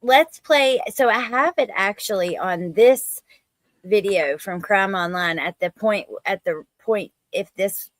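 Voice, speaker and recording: A woman hosting a casual true crime chat, animated and outspoken, sometimes swearing. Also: mid-range voice, measured pace, no room sound. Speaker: true crime podcast host. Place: home studio, livestream.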